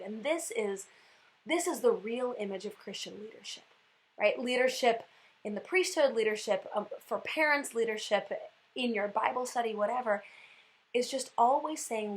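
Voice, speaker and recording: Animated woman talking faith on her vlog, says like a lot, voice on the higher side. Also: moderate pace, poor audio. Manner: animated and chatty, many "like" fillers. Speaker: Catholic speaker and vlogger. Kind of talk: casual spiritual reflection vlog.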